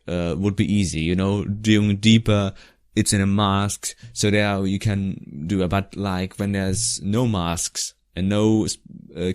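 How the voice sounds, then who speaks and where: Low-voiced man rambling casually. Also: a little mellow, dry recording, clean studio sound. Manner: rambling, restarts often, laughs now and then. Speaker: vlogger. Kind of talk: casual commentary over his old video.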